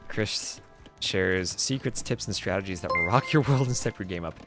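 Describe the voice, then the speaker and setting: A man's voice: low voice, normal speed, over music. A man casting a strategy game on a live stream, calling the play and chatting with his viewers. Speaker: esports caster and stream host.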